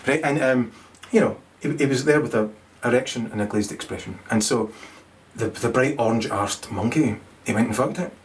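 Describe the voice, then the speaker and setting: A middle-aged comedian with a medium-pitched voice speaks at normal speed through a rambling, crude stand-up monologue. He swears a lot, stumbles into restarts, and laughs at his own jokes.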